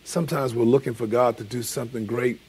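A man's voice: medium pitch, steady tone, fast, darkish tone, husky. A man in his forties preaching a sermon in a conversational, emphatic way, repeating key phrases. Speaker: pastor.

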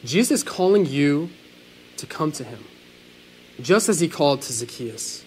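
A man preaching a sermon in an earnest, animated way, swelling and dropping his voice. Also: fairly high pitch, normal speed, slight background noise, poor audio. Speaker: pastor.

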